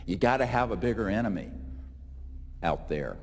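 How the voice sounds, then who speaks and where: A man's voice: lowish voice, lively intonation, normal speed, a little mellow, slightly rough, big-room sound. A man speaking in an interview in a rhetorical, pointed way.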